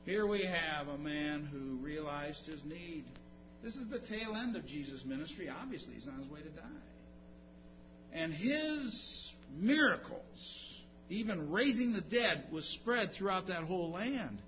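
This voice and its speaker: A man preaching a sermon, swinging between loud emphatic passages and low, intimate storytelling. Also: expressive, a little slow. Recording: dull lo-fi recording with background hum.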